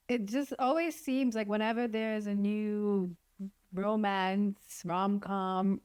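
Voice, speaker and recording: Slow-talking chatty woman vlogger. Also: mid-range voice, clear, resonant tone. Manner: chatty, laughs often. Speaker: vlogger and filmmaker. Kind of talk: casual commentary vlog.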